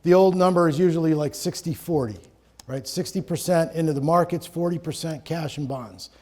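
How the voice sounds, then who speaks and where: A man's voice: a little high, a little fast, a little mellow. A middle-aged man from Connecticut presenting a live seminar in a conversational, joking way, to an audience in a room. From Connecticut, USA.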